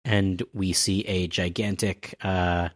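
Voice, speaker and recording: A man's voice: sits low, level tone, slow. A man casually recapping a comic chapter on a podcast, rambling with fillers and cracking self-deprecating jokes.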